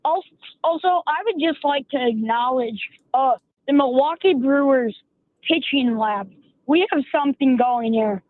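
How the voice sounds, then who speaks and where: Man, radio show caller, halting stop-start speech, very high voice, tinny phone line. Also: dry recording. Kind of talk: phone-in sports chat.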